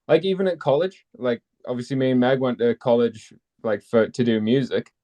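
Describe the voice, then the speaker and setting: A man's voice: mid-range voice, moderate pace, warm tone. Rambling man chatting. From North East England. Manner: rambling, many fillers. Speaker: participant in an online group chat. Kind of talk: casual chat.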